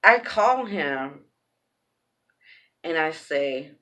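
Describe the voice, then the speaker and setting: A woman's voice: deep voice, expressive, very slow, fairly bright tone. A woman telling a personal story in a casual vlog, cursing bluntly, repeating phrases for emphasis, raw and emphatic.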